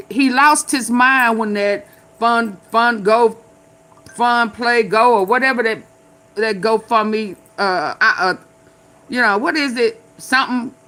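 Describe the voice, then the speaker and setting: Older woman commentator, bright, a bit high, sassy and blunt, preachy riffing. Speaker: commentary vlogger. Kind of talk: casual opinion commentary.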